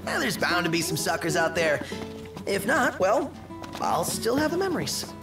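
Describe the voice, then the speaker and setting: A man voicing characters in a video game, with lively, animated delivery and a distant, roomy sound. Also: medium pitch, moderate pace, gravelly, music in the background. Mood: teasing.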